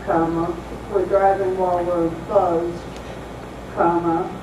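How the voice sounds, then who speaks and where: A seminar participant slowly reading a dictation exercise aloud, speaking each punctuation mark. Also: mid-range voice. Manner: slow, flat reading of punctuation marks. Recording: very echoey, distant mic, noisy.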